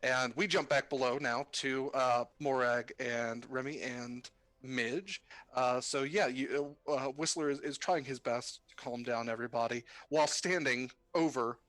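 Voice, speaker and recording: A man's voice: mid-range voice, fairly even intonation, a little slow, fairly bright tone, no echo. A man narrating as game master of a tabletop game, rambling with many fillers and restarts. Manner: rambling, hesitant, lots of fillers.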